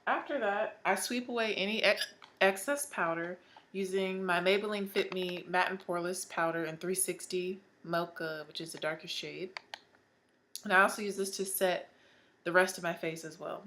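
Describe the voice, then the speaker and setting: A woman's voice: fairly low pitch, moderate pace, fairly bright tone, slight background noise. A young woman in her twenties, chatting in an upbeat way through a casual makeup tutorial. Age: 20s. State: suffering hiccups. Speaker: beauty vlogger.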